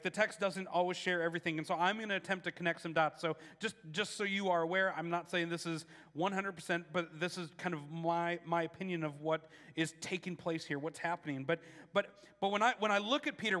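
A man's voice: sits high, pushed and bright, big-room sound. A man preaching a sermon in a casual, conversational way, often repeating words as he starts his sentences. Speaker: pastor.

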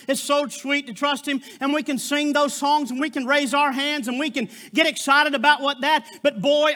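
A man's voice: very high-pitched, sharp tone. A man preaching a sermon as a guest preacher, fervent and exclamatory, with frequent interjections.

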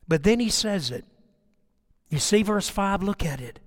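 A man's voice: high-pitched, animated, unhurried. An older man preaching a sermon, telling personal stories and building to impassioned, emphatic appeals. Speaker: pastor.

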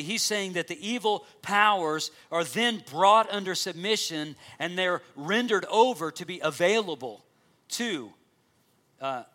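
A man's voice: sits high, pushed and bright. A man preaching a sermon in an earnest way, reading scripture aloud and explaining it to his congregation. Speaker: pastor.

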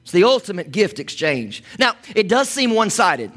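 High-voiced man preaching a sermon. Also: sing-song, normal speed, a bit bright. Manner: conversational preaching with asides to the congregation. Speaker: pastor.

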